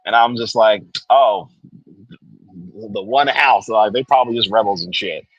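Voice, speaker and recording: A young guest comic creator with a New Jersey accent tells a story in casual conversation, animatedly acting out what people said. His voice is on the low side and slightly rough, at a normal pace, and the audio is dull with no echo.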